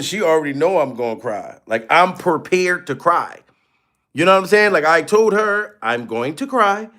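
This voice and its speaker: High-voiced man chatting on livestream. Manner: laughs often, profane, shouts out donors. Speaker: livestream host. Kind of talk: casual livestream chat.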